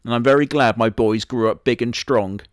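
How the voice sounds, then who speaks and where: Guy doing a deadpan bragging wolf, southwest english accent, dead dry sound, mid voice. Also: mid-range voice, normal speed, no echo, natural voice. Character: deadpan boastful immortal male wolf. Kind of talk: comedy sketch character monologue.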